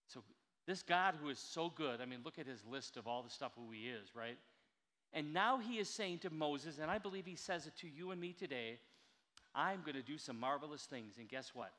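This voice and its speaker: A man's voice: fairly high pitch, lively intonation, fairly bright tone. Earnest male pastor preaching in a hall. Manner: earnest, emphatic, slows down to stress words. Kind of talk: sermon.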